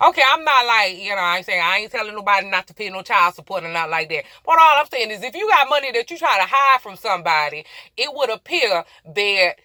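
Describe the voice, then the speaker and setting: A woman's voice: medium pitch, sing-song, fast talker, pushed and bright, no room sound. A young woman truck driver chatting casually to her viewers from inside her truck cab, rambling, laughing at herself and apologizing for going off track. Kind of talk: casual chatty explainer vlog.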